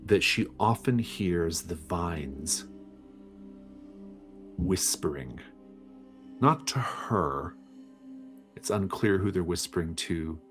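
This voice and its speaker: A man serves as game master for a tabletop game. He narrates in a measured, descriptive way. His voice is very deep and his pace is slow.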